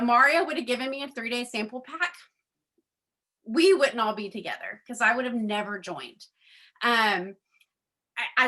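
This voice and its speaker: A woman's voice: fairly high pitch, sharp tone. A middle-aged woman giving a chatty personal testimony to a group, acting out quoted conversations, with frequent ums. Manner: chatty storyteller, acts out quoted dialogue; frequent ums, addresses audience as guys. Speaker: network marketing speaker.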